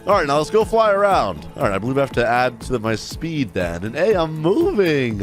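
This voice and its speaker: A man giving excitable gameplay commentary and reading in-game chat aloud. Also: mid-range voice, fairly quick, faint music behind. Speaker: gaming video creator.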